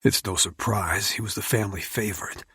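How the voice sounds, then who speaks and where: A man reads a dark first-person audiobook in a brooding, intense tone. His voice sits low and is very husky. The recording is dry and close. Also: steady tone, a little fast, dry recording. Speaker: audiobook narrator.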